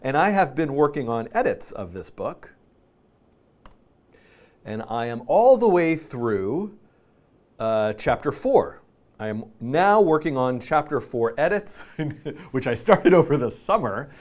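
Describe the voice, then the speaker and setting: A middle-aged man hosting a live stream in casual chat, playful and rambling, tired and a little out of breath. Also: medium pitch. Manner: playful, rambling, self-deprecating. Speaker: host.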